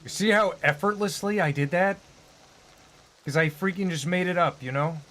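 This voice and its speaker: A young male streamer with a high voice. He talks in a loose, joking, rambling way, as if chatting with viewers. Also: normal speed, a bit bright. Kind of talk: casual live-stream chat.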